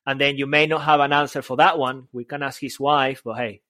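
A man's voice: medium pitch, steady tone, brisk, bright, forceful tone, dry recording. Playful male podcast co-host, dry sound. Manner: playful, laughs often, repeats words. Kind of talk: casual podcast banter.

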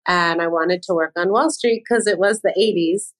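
A woman's voice: lowish voice, normal speed, low-quality recording. Candid woman fashion designer guest. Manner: candid, self-deprecating. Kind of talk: casual interview chat.

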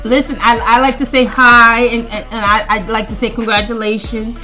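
Lady podcaster rambling n laughing a lot, high bright voice, bouncy, faint music under. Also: flat delivery, moderate pace. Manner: rambling, stammering, laughs often. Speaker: podcast host. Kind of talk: casual solo podcast chat.

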